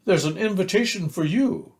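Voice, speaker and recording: A man's voice: sits high, normal speed, gravelly, voice pushed up. A man voicing a fussy, self-important male owl in a storybook reading, with emphatic rising lines.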